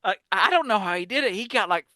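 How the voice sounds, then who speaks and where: A man's voice: sits high, animated, quick pace, pushed and bright, no room sound. A man in his forties, a podcast co-host, telling stories animatedly in casual chat and laughing often.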